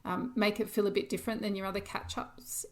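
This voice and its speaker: A woman's voice: mid-range voice, flat delivery, quick pace. A woman co-hosting a podcast, chatting casually and practically with frequent laughs. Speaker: podcast co-host. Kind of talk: casual chat.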